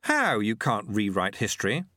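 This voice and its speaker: An anxious young novice monk, once a street thief, firing off nervous, questioning lines in a raised voice. A man reads him aloud in a storybook, with a lively lilt and a dry, close sound. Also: on the low side, moderate pace, dry recording, exaggerated voice.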